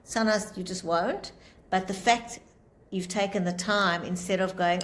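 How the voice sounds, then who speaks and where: A woman's voice: medium pitch, brisk. A woman teaching a class on communication, explaining with acted-out example dialogues. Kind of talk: lecture with group discussion.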